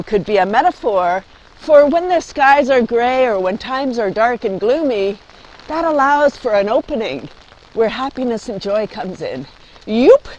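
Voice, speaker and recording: A woman hosting a silly laughter-yoga comedy vlog, bubbly and giggly, full of whoops and laughs. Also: high voice. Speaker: host of a comedy laughter club show.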